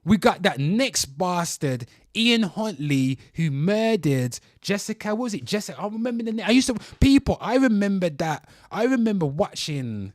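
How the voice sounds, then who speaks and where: A man's voice: sits high, very animated, moderate pace, hardly any pauses, no echo, studio quality. A young man hosting a reaction commentary show, ranting heatedly and swearing while talking straight to his viewers. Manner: heated, swearing, repeatedly addressing "people".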